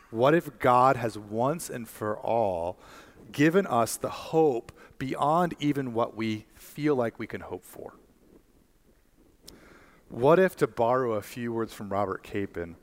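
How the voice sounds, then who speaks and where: Man preaching a storytelling sermon. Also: medium pitch. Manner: storytelling, builds to fervent emphasis. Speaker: pastor.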